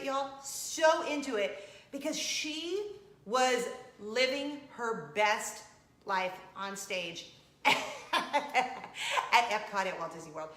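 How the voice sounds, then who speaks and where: A woman chats casually to her viewers in a vlog. Her voice is bright and fairly high, and her pitch moves all over the place. The room gives her voice a noticeable echo. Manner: chatty and animated, with laughs and playful asides. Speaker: vlog host. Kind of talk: casual chat.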